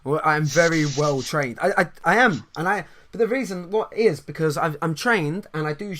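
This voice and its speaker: A man hosting a podcast, talking in casual chat with fast restarts, repeated words and frequent laughs. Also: on the high side, fairly bright tone. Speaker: podcast host and coach.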